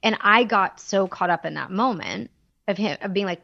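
A woman's voice: medium pitch, moderate pace, vocal fry, no echo. Woman telling her story on a podcast, candid, acts out the quotes, dry slightly dull sound. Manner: animated, acts out quoted dialogue; candid, emotional. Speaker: guest. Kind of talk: personal storytelling in a podcast conversation.

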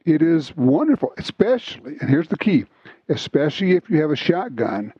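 Husky-voiced chatty male host. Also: on the high side, normal speed, no room sound. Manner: animated, chatty storyteller. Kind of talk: casual chat, storytelling. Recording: slightly dull lo-fi sound, dry.

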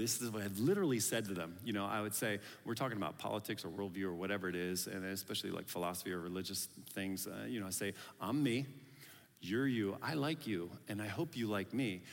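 A man's voice: lowish voice, a bit bright. A man preaching a sermon as pastor, talking in a loose, conversational and playful way and often acting out the voices of people he quotes. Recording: long hall reverb.

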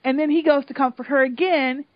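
Animated high-voiced woman retelling a story. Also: a little fast, no room sound. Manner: animated, emotional storytelling with swearing. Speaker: podcast co-host recapping a reality show. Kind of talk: casual chat. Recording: dull lo-fi sound.

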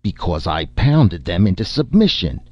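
A man's voice: low-pitched, moderate pace, no echo. A man voicing a surly rival nobleman who speaks coldly and menacingly, in a dull lo-fi recording. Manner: cold, menacing.

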